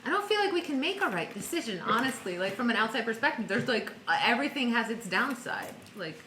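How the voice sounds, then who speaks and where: A woman chats animatedly as a player in a tabletop game. Her voice is bright and a little high. The room gives it an echo. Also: very animated, fast, a little hiss or hum. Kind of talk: casual chat.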